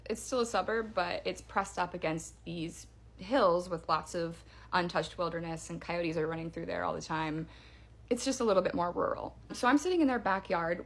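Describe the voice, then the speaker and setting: A woman telling her own spooky story in a casual, chatty way, with fillers and hushed drops for suspense. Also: fairly low pitch, gravelly. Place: parents' backyard by a campfire.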